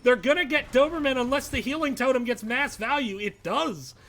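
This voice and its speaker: A man calls a live esports match in a high, ringing voice, steady and explanatory between plays and surging loud when the fight breaks out. His tone is bright and forceful. A faint hiss of noise sits under the audio. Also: normal speed. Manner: excitable, rising to shouts at big plays. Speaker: esports caster. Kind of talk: live play-by-play commentary.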